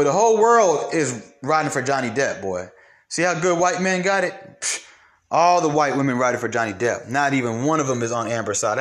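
A man's voice: mid-range voice, a bit bright. A young man hosting solo commentary, blunt and profane, ranting with mocked quotes. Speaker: commentary host.

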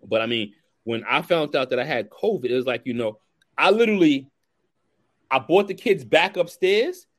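A man, hosting a casual chat, telling lively stories in slang and acting out the dialogue. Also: fairly high pitch, moderate pace. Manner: animated storyteller who acts out dialogue, slangy. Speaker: podcast host.

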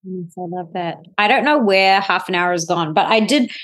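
A woman's voice: mid-range voice, normal speed, a bit bright. A woman hosting a podcast, chatty and curious, acting out her own thoughts as she asks questions. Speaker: podcast host. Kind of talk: podcast interview.

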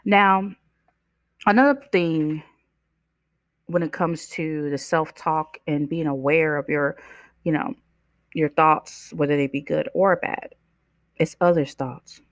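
Low-voiced woman giving self-help advice. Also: steady tone, slow pace, pauses often, dry recording, studio quality. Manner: conversational, preachy, asks the listener questions; acts out voices in her stories. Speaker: podcast host. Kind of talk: motivational self-help talk.

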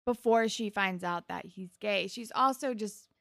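A young woman chats casually as co-host, retelling scenes with quick quoted lines and plenty of "like". Her voice has a gravelly fry at the ends of phrases. The sound is dry and close. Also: medium pitch, a bit bright, no echo. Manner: chatty retelling full of "like", quick put-on quotes. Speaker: podcast co-host. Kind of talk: casual chat recapping a TV episode.

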